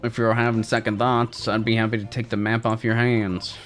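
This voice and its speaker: A man voicing a gruff, sarcastic male rogue in a put-on Southern accent, with a dry drawl. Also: lowish voice, level tone, fairly quick, faint music behind, lightly acted. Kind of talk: voicing characters while playing a game.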